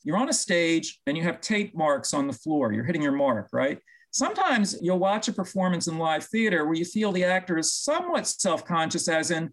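A man with a somewhat high-pitched voice co-hosts a relaxed talk show. He talks in long, winding stretches and often restarts a thought partway through. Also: normal speed, rough recording. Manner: talkative, long-winded, self-correcting. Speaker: co-host. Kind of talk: casual chat.

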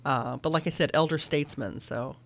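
A woman's voice: low-pitched, brisk. Thoughtful woman film teacher. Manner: thoughtful, laughs easily. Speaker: film instructor and guest. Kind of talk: casual film discussion.

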